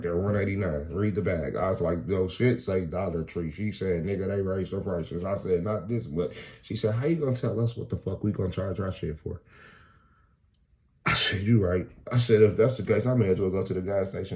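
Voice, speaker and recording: Male stand-up comic, low mellow voice, freestyle storytelling full of curses, quick jumps into high quoted voices. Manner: animated, profane, jumps into high put-on voices for quoted people. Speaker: stand-up comedian.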